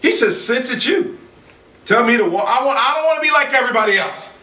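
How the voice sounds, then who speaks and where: Man preacher, bright lively sermon delivery, recorded far off in an echoey room. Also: very high voice, fast talker. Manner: animated, quoting scripture in dramatic voices.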